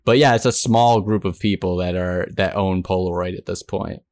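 A young man holds forth on a podcast, explaining with emphatic, opinionated energy. His voice is a bit low, recorded dry and close. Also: steady tone, moderate pace, a little mellow, dry recording. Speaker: podcast co-host. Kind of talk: casual chat.

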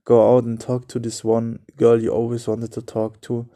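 A man's voice: mid-range voice, monotone, normal speed, dark tone. A young man who is not a native English speaker, hosting a solo podcast in an earnest, repetitive way with loose phrasing. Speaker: podcast host. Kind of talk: solo motivational podcast talk.

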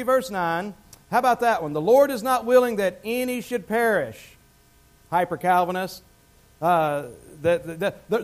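Male pastor, high voice, conversational sermon delivery, quizzes the congregation. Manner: conversational, asks the congregation questions. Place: church.

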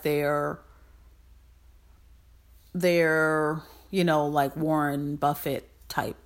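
A woman hosting a podcast in a casual motivational monologue, animated and emphatic, repeating phrases for emphasis. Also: on the low side. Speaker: podcast host.

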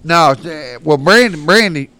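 A man's voice: fairly high pitch, expressive, unhurried, pushed and bright. A man, a podcast guest telling rambling, folksy stories and laughing through them. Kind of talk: casual storytelling.

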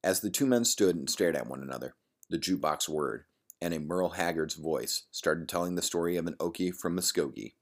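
A man reads a gritty bar-room story aloud in a steady, even way. His voice sits extremely low, a deep bass. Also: brisk. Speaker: narrator. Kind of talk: audiobook narration.

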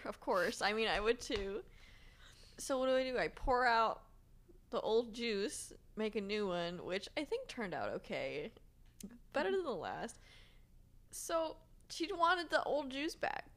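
Young woman with a lively, swooping voice. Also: fairly high pitch, unhurried. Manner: wry, self-mocking asides. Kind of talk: casual storytelling chat.

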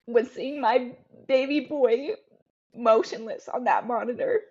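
A woman in her thirties, a podcast guest, telling a personal story in a halting, emotional way with frequent ums and restarts. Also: fairly high pitch, warm tone, highs cut off.

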